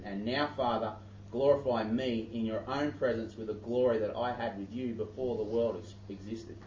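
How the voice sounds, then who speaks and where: Preacher, echoey and distant. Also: male voice, lowish voice, darkish tone, slight background noise. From Australia. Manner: conversational, self-interrupting preaching with Bible reading. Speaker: pastor. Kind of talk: sermon. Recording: echoey, distant, dull church audio.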